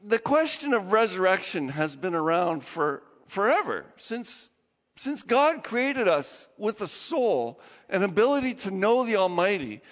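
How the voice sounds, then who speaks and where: A man preaching a sermon as pastor, telling stories in an animated way with laughs and acted-out quotes, in a church. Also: high voice, big-room sound.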